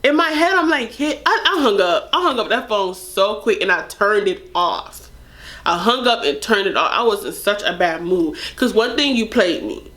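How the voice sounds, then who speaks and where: A young woman vlogger telling a personal story in a candid, animated, chatty way, full of fillers. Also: mid-range voice, normal speed. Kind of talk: casual storytime.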